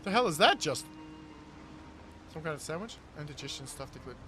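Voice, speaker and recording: A man's voice: fairly high pitch, sing-song, a little fast, bright, forceful tone, a little hiss or hum. A man streaming a game, casually reading chat aloud and riffing on it with frequent laughs. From New Zealand. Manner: reads chat aloud and riffs on it, laughing often. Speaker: gaming streamer.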